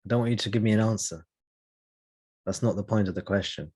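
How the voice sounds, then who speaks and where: A man leading a spiritual meeting, answering a question in a slow, reflective way with long pauses. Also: on the low side, a little mellow, breathy edge. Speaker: satsang teacher.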